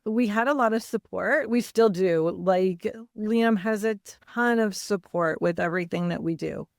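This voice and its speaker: Slow, candid woman sharing her story. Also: medium pitch, no room sound, studio quality. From Canada. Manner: candid, halting, many fillers. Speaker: guest, mother. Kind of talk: personal interview storytelling.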